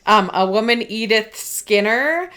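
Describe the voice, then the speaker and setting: A woman's voice: on the high side, animated, unhurried, fairly bright tone. Chatty woman podcast co-host. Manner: chatty, laughs often, explains with many ums. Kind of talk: casual chat.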